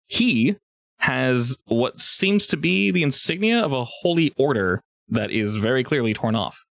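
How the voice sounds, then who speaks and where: A man narrating a tabletop game as game master, relaxed and halting, with many fillers. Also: medium pitch, gravelly, no echo.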